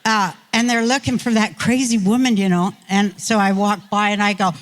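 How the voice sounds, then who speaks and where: A woman's voice: medium pitch, steady tone, normal speed. An older woman, a guest on an interview show, telling a rambling, folksy, self-mocking story.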